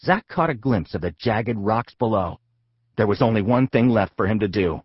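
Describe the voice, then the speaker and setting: A man narrating a comic children's audiobook with a husky voice and a lively, playful storytelling manner. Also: lowish voice, normal speed, no room sound, muffled recording.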